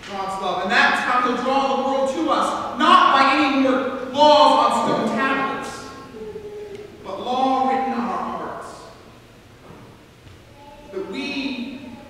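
A man with an American accent preaches slowly and earnestly, his voice high and bright. He leans into emphatic repeated phrases as the sermon builds. The sound comes from far off in a large church with a long, echoing reverb. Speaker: pastor. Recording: echoey church, distant mic.

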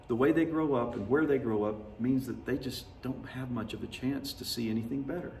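A man preaches in a relaxed, folksy way, moving between stories and points and often laughing at himself. His mid-range voice carries from some distance off the mic. It rings through a roomy church with a faint hum of ambience behind it. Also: mid-range voice. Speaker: pastor. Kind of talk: sermon. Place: church sanctuary.

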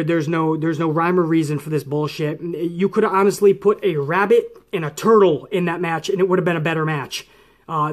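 Angry man ranting, high-pitched voice. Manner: angry, swearing, mocks referees in put-on voices. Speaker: wrestling commentary host. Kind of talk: profane ranting commentary.

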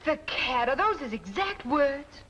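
A wry young model. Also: female voice, high voice, very animated, unhurried, exaggerated voice. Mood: suspicious. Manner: wry, sharp-tongued. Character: witty, quick young woman model. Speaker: advertising model. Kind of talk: 1940s film acting.

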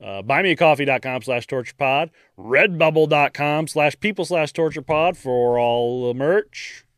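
A man with a Midwestern American accent co-hosting a podcast, joking and laughing as he reads shout-outs. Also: moderate pace, no room sound, clean studio sound. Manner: jokey, laughs a lot, swings pitch widely. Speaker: podcast co-host. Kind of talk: casual podcast chat with plugs.

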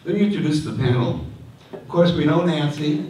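A man's voice: fairly high pitch, lively intonation, moderate pace, a little mellow. Man moderating in an echoey hall. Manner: joking asides with many restarts and fillers. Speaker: panel moderator. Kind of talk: conference panel introductions. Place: community hall. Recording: echoey hall from far off, faint noise.

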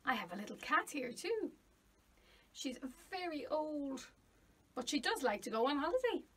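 A woman music teacher singing and talking to young children, slow, clear and playful, sometimes dropping to a whisper. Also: high voice, very animated, a bit bright, far from the mic. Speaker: early years music teacher.

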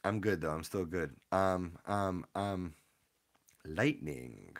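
Young man, low-ish voice, excitable rambling streamer giving shout-outs. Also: a little slow. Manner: excitable, rambling, hypes up the audience. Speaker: streamer opening trading card packs. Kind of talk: casual live-stream chat with viewer shout-outs.

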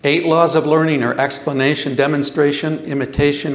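An older man giving a lecture, animated, asking the audience questions and repeating himself for emphasis. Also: fairly high pitch, fairly quick, echoey room. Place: lecture hall.

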